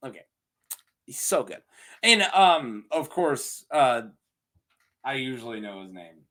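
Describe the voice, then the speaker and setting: A man chatting casually on his own as a show reviewer, laughing often and slipping into quick, goofy character voices. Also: medium pitch, very animated, pushed and bright. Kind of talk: casual solo review chat.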